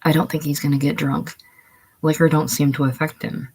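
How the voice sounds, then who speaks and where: A reader voicing a frightened, breathless former showgirl in a casual play reading, raised and pleading with a husky tone. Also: medium pitch, steady tone, brisk, a little mellow. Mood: anxious.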